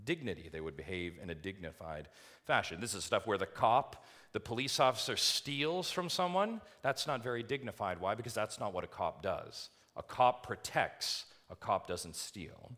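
A man's voice: on the low side, a bit bright. A male pastor preaching a sermon to his church, emphatic, repeating key phrases and putting questions to the congregation.

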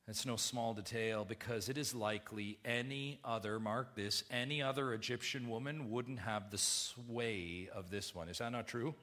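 Bright-voiced, emphatic preacher man. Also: mid-range voice. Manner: emphatic, swinging from hushed to loud; repeats phrases for emphasis. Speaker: pastor. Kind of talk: sermon.

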